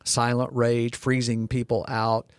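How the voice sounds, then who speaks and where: A man's voice: mid-range voice, monotone, a little slow, clean tone, no echo, clean studio sound. A man co-hosting a podcast discussion, telling stories with frequent restarts. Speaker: co-host.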